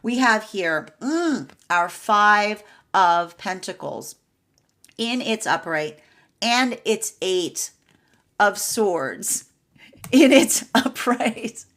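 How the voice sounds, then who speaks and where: A woman giving a casual tarot energy reading, chatty and repetitive, often tagging sentences with "right?" and swinging between bright emphatic bursts and quiet low stretches. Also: animated, extremely slow. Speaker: tarot reader. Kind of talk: solo tarot reading to camera.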